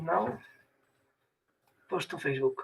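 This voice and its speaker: Brief: man with a high, raspy-edged voice, halting as he explains. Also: expressive, poor audio. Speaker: helper posting the video.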